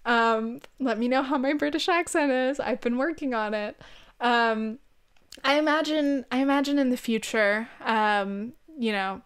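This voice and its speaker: A woman's voice: a little high, unhurried, clear, resonant tone. A young woman with a Californian accent rambling and swearing freely in a casual chat, speaking close to the mic. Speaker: vlog host.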